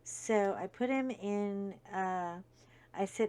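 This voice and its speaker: A woman's voice: medium pitch, takes it slowly, darkish tone, clean tone. A middle-aged woman hosting a casual chat, telling a long story in a rambling way full of fillers and asides, sniffling from a stuffy nose. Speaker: host.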